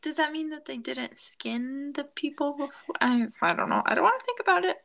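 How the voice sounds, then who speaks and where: A woman with a fairly high voice reacts to a grim tale on a casual podcast. She is uneasy and she cracks jokes. She throws in quick questions and asides. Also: expressive, vocal fry, a bit bright, slight background noise. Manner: reactive, joking, squeamish. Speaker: podcast co-host listening. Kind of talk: casual true-crime chat.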